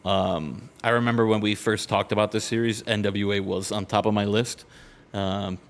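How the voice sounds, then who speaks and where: A man co-hosting a casual wrestling game commentary chat. He is excitable, laughs often, trails off mid-sentence and sounds out of breath. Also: fairly low pitch, moderate pace. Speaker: co-host of a wrestling sim series.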